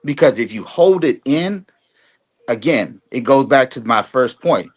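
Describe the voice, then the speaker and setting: A man's voice: medium pitch, expressive, a little slow. Explaining man, dull lo-fi sound. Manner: explanatory, tags points with "right?". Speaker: panel guest. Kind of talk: casual discussion.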